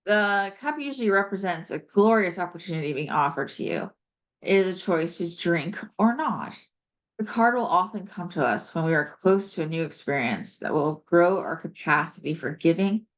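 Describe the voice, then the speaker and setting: A woman with a lowish voice talks through a tarot reading in a loose, rambling, reflective way, drifting into asides and fillers. The recording is dull and lo-fi. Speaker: tarot reader. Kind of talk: casual spoken tarot reading.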